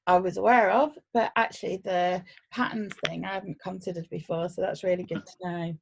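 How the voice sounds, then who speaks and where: A woman's voice: fairly low pitch, fairly even intonation, fairly quick, vocal fry, noisy background. A woman from an events agency, hosting a businesslike, friendly chat on a video call.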